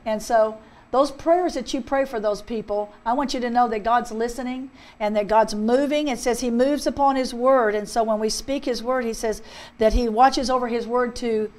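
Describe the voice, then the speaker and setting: Woman minister, fervent testimony, fairly high voice, earnest and repetitive. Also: steady tone, normal speed, a little mellow. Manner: fervent, earnest, repeats herself. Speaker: guest minister. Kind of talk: personal testimony, preaching.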